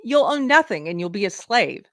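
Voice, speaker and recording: A woman's voice: mid-range voice, very animated, normal speed, no echo, clean studio sound. A woman hosting a live political commentary show, indignantly reading items off a list. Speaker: livestream show host.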